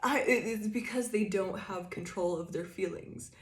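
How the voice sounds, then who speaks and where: A woman's voice: medium pitch, normal speed. Chatty woman reading tarot in a roomy space. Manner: rambling, chatty, laughs often, restarts a lot. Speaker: tarot reader. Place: room indoors by a window.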